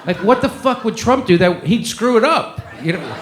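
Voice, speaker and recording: In an echoey live room full of crowd and background noise, a comedian host delivers sarcastic, profanity-heavy stand-up commentary to his audience. His voice sits high and is expressive, moving at a moderate pace.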